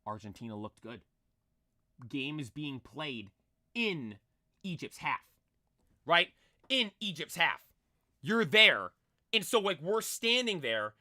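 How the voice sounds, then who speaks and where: A young man tells an excited, rambling story, tripping over fillers and restarts as the words pour out. His voice sits high and comes out very bright and forceful, a little strained from screaming, and the sound is close and dry with no room around it. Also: takes it slowly, long pauses, no echo. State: voice nearly lost from screaming. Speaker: streamer telling a story.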